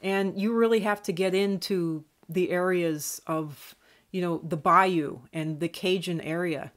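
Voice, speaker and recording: A woman's voice: lowish voice, fairly even intonation, a little slow. A woman from northern Minnesota, with a faint Minnesotan accent worn down to a neutral American sound, talking in a digressive, rambling monologue full of restarts. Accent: faint Minnesotan, mostly neutral American. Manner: digressive, many restarts and fillers. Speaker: YouTube channel host.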